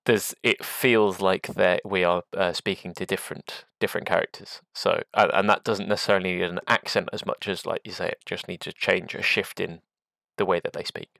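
Low-voiced man hosting a podcast. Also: fairly even intonation, a little fast, gravelly, bright, forceful tone, no room sound. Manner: thoughtful, searching for words. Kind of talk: casual chat.

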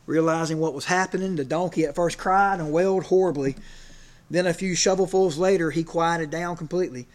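A man's voice: fairly high pitch, fairly even intonation, a little fast. Conversational male preacher, full of fillers. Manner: conversational, many fillers, gets emotional. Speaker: preacher and PE teacher. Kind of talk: sermon.

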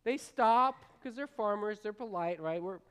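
A woman's voice: medium pitch, a little slow, smooth. A woman pastor giving an informal, rambling sermon, talking straight to the congregation with fillers and restarts. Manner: folksy, talks straight to the congregation. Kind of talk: conversational sermon.

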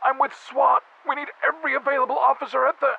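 A man's voice: very high voice, little pitch movement, fast, vocal fry, sharp tone, voice pushed up, exaggerated voice. A man voicing a panicked SWAT officer screaming for help over a phone call in an audiobook. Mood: desperate. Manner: frantic screaming. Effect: phone call playback. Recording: muffled phone recording.

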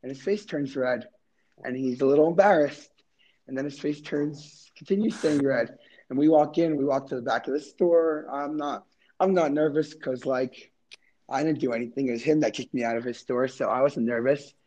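Mellow-voiced man telling a rambling story. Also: medium pitch, moderate pace, poor audio. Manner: rambling, heavy use of "like". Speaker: guest. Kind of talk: casual storytelling.

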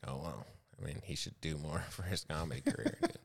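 Lively, laughing male comedian. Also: very deep voice, fairly quick, creaky, husky. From Arizona. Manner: laughs often, swears, animated storytelling. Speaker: comedian podcast host. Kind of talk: casual chat.

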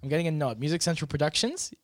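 A man's voice: a little high, lively intonation, racing, no echo, clean studio sound. A man co-hosting a podcast in casual chat, rambling with many ums and giggling often. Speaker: podcast co-host.

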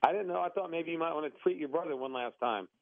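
A man's voice comes through a thin, tinny phone line with a dry, close sound. He is on a phone call, gets defensive and worked up easily, and is quick to apologize. His pitch runs a little high for a man. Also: no room sound. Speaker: prank call target.

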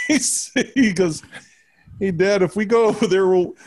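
A man's voice: high voice, a little slow, a little mellow. A man hosting a casual chat, joking and telling stories about his son. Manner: joking, laughing, profane banter.

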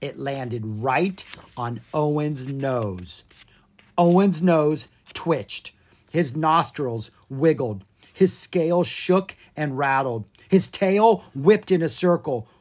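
A narrator reading a children's storybook aloud in an expressive, playful way. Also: mid-range voice, slow pace.

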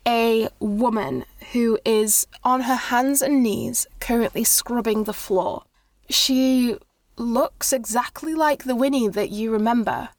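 A woman's voice: fairly high pitch, no echo. A woman narrating a tabletop game as game master in a casual, loose way.

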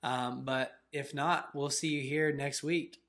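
A man co-hosting a faith channel, telling a story in a casual, animated way with lots of "like" fillers. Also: medium pitch, a little slow. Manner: animated, filler-heavy retelling with "like".

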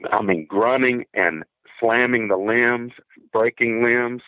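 A man earnestly telling a frightening story from his own childhood, halting and repeating words as he goes. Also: medium pitch, no room sound. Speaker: guest telling a personal encounter story. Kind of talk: first-person encounter story. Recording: tinny phone line, dry.

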